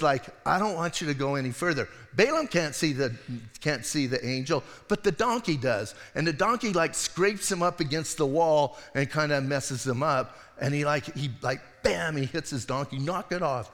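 A middle-aged male pastor tells a story from the pulpit in a relaxed, conversational manner, slipping into little voices along the way. His voice sits somewhat high for a man. A long reverb from the church hall trails every phrase. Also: normal speed, hardly any pauses. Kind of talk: sermon.

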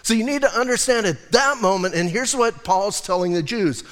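A man's voice: sits high, moderate pace, fairly bright tone. A male pastor preaching a sermon in a conversational way, teasing his congregation. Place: church sanctuary. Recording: long hall reverb.

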